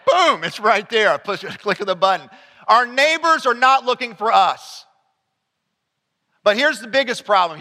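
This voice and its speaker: A man preaching a sermon as pastor, animated and rising to near-shouts when excited. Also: sits high, in a large hall.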